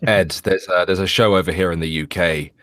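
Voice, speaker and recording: A man with a very deep voice talks in a casual podcast chat. He hesitates, fills gaps with uhs and restarts his sentences. The sound is dry. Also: steady tone, fairly quick, fairly bright tone, no room sound.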